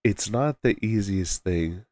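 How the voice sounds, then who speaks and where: A male streamer chatting casually on a live stream, soft-spoken and halting, trailing off between phrases. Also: on the low side, no room sound, clean studio sound.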